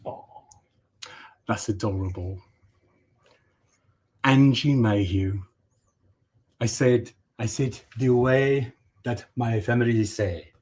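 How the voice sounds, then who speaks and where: A man's voice: mid-range voice, slow pace. A man hosting a livestream in a playful, theatrical way, joking through a mock art critique. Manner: goofy, theatrical, swings from loud declaiming to mumbling. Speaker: livestream host.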